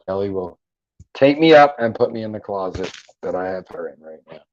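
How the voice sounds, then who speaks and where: A man's voice: lowish voice, animated, normal speed, darkish tone, highs cut off. Joking, profane man hosting a livestream. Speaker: livestream host. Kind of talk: casual chat reading live comments. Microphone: headphones and mic at a computer.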